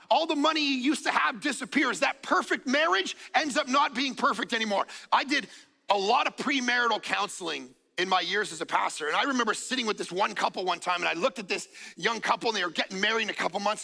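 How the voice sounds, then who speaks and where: Hall reverb from the church stage surrounds this high, vocal-fried male voice. The pastor delivers a storytelling sermon in a church auditorium, animatedly acting out quotes and slipping in jokes.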